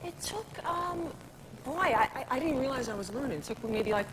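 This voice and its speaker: A woman's voice: high-pitched, brisk, a loud crowd. A woman from Canada, a talk show guest, telling anecdotes in casual chat and acting out the voices of people she quotes. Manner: animated storyteller, acts out quoted voices. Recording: noisy VHS tape of a TV studio.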